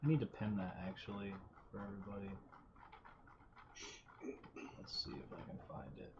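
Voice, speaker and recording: A man's voice: on the low side, animated, normal speed. A middle-aged man chatting loosely on a live trading stream. His swearing comes out offhand, and he often drops into mumbled asides. The audio is a little dull, with a faint hiss behind it. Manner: profane, offhand, mumbles under his breath. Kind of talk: casual live-stream chat.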